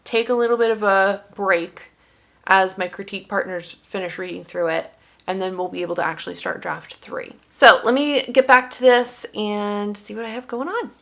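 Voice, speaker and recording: A woman's voice: mid-range voice, fairly even intonation, moderate pace, vocal fry, fairly bright tone. A woman talks casually to camera at home, rambling through her writing progress with lots of fillers. Her delivery is loose, chatty and unscripted. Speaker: writing vlogger. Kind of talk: casual vlog chat. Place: at home, indoors. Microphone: headphones on, desk setup.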